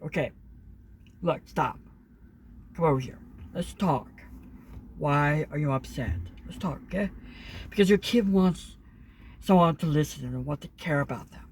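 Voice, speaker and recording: A man's voice: on the high side, slight background noise. A young man talking earnestly in a casual monologue, rambling with many fillers and restarts. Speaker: vlogger.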